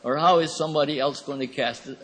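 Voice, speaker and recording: A man giving a Bible lecture in a thoughtful, rambling way, with pauses and fillers. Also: fairly high pitch, fairly bright tone. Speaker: Bible teacher. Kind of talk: classroom lecture. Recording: reverberant hall recording.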